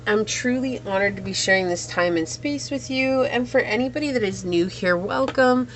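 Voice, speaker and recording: A woman's voice: medium pitch, a little fast, slight background noise. A woman giving a tarot reading in an earnest, emotional, spiritual way. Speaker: tarot reader.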